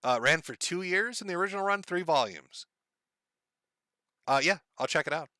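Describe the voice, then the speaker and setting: Studio quality and dry, the recording captures a middle-aged streamer with a higher, expressive voice at normal speed and a bright, forceful tone. He chats casually in his live stream, reading donations, cursing a lot, and joking wryly while laughing at his own lines.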